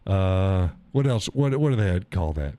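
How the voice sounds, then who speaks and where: A man's voice: deep voice, expressive, measured pace, warm tone, smooth, dry recording. A man in his sixties hosting a live stream, tired, crude and rambling as he reads chat aloud and laughs often.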